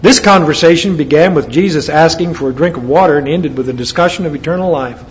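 His pitch on the high side and his pace quick, an American man from the United States delivers a sermon that blends scripture with folksy side comments. The lo-fi recording is dull and carries faint background noise.

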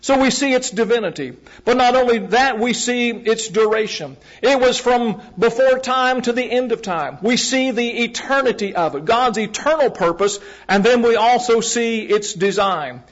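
A man preaching a sermon in a measured way, repeating key phrases for emphasis and asking the congregation direct questions. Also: very high-pitched. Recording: muffled, lo-fi recording.

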